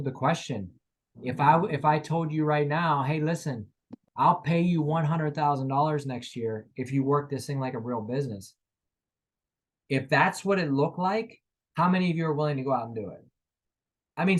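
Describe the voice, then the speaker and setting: Leading a motivational sales training, a man with a fairly high voice speaks energetically. He makes his points by slipping into short, acted-out conversations with customers.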